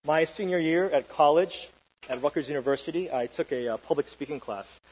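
Preaching in a relaxed, energetic style with lots of slang and side comments, this young pastor talks a little fast in a husky, somewhat high voice. The church hall gives his words a long reverb, while the sound is dull with a faint hum beneath it.

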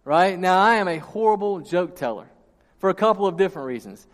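Male pastor, animated sermon storyteller, a bit high-pitched, reverberant church hall. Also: fairly quick. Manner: storytelling, animated, laughs at own jokes. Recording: long reverb in a large hall.

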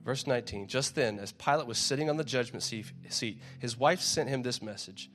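A man's voice: medium pitch, fairly quick, few pauses, soft background music. A man preaching in a casual, conversational way, reading scripture aloud and often repeating his words as he goes. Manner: conversational, repeats words, acts out crowd shouts.

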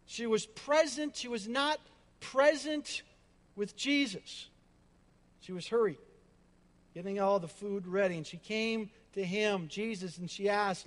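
Male pastor, high voice, emphatic sermon delivery with chatty asides, echoey hall. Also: measured pace. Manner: emphatic, repetitive, with conversational asides. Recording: long hall reverb.

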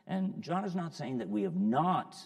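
A man teaching a Bible study lesson, working slowly through a verse and repeating key phrases, with many pauses and fillers. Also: on the high side, very animated, in a large hall.

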